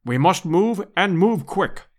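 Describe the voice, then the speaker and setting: A man's voice: sits high, animated, takes it slowly. A man reading an audiobook and voicing a hearty, blunt aristocratic English hunter with clipped slang. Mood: urgent. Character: bluff aristocratic English hunter, male, middle-aged.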